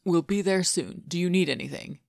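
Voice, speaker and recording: A woman reading a calm, reassuring man. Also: lowish voice, a little fast, vocal fry, dry recording, clean studio sound.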